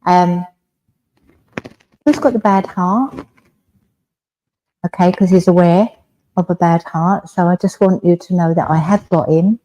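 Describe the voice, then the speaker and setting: A woman with an English accent speaks as a medium, addressing her listeners directly in a soft, reassuring way. Her voice sits somewhat low for a woman and has a warm, mellow tone, and she keeps asking "all right?" as she goes. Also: unhurried, long pauses, low-quality recording. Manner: gentle, reassuring, often asks "all right?". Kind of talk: mediumship demonstration. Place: village hall.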